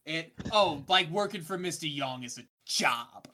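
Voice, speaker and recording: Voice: mid-range voice, expressive, a little slow, pushed and bright. A game master voicing a flustered young female student who rambles defensive excuses. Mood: indignant.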